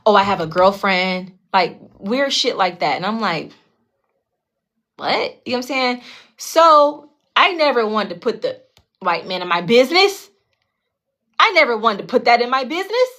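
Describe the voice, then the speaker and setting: A tarot channel host, a woman with a slightly high voice, tells a personal story at normal speed with long pauses. Her monologue is casual, blunt and heavily profane, and she's animated, often checking in with listeners and acting out the other people in the story.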